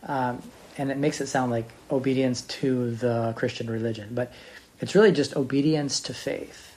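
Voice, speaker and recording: A man teaching on faith, speaking in an unscripted, reflective way with pauses and restarts. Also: mid-range voice, fairly even intonation, darkish tone, a little hiss or hum. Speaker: Bible teacher.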